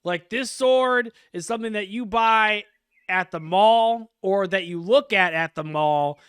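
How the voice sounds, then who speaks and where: A man's voice: high voice, unhurried, a bit bright, clean tone, no room sound, studio quality. A man narrating as game master in a laid-back, chuckling way, with many fillers. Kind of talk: narrating a casual tabletop game.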